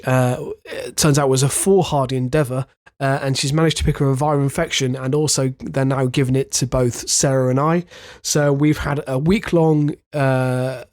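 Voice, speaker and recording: A man co-hosting a podcast, congested and nasal from a virus, talking hesitantly. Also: mid-range voice. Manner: hesitant, many fillers and restarts. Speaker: podcast co-host. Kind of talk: casual chat.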